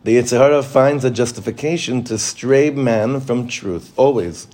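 A man's voice: medium pitch, moderate pace, darkish tone. A man, a rabbi, teaching a Torah class, probing his students with questions and mixing in Hebrew terms.

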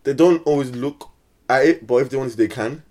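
A man's voice: mid-range voice, fairly quick, darkish tone. A young man, co-hosting a casual podcast and asking curious questions. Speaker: podcast co-host. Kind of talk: casual chat.

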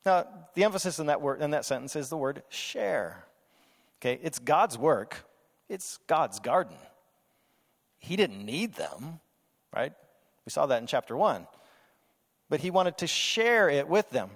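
A man preaching a sermon in a lively, conversational way, with playful asides and quoted voices. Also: on the high side, a little slow, vocal fry, pauses often, big-room sound. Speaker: pastor.

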